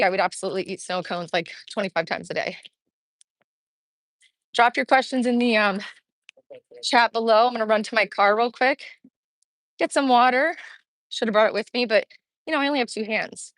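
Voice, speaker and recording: A middle-aged woman talks upbeat and chatty into a phone held as she walks a street outdoors. Her voice sits a bit high and sounds close and dry. She is slightly out of breath. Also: normal speed, pauses often, no room sound, rough recording. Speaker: vlogger streaming live. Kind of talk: casual walking livestream chat. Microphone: phone held while walking.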